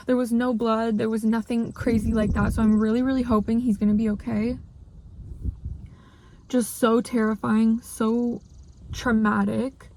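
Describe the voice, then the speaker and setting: Young woman vlogger from Canada, slightly high voice, upset, rambling casual storytelling. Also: gravelly, mellow, slight background noise. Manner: upset, rambling, heavy use of "like".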